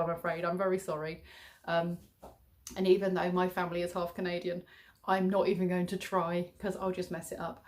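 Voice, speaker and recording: A woman's voice: lowish voice, level tone, moderate pace. Chatty middle-aged English woman vlogging. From England. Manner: chatty, rambling, warm-hearted, chuckling. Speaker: childminder and vlogger. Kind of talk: casual vlog chat to viewers.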